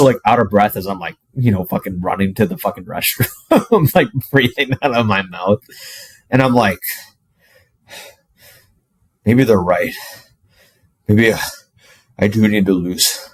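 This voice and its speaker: A low-voiced man in his twenties talks straight to camera, swearing freely and leaning on "like". The sound is close and dry, with no room around it. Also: no echo. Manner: profane, animated, heavy use of "like". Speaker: fitness coach. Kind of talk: casual storytelling to camera.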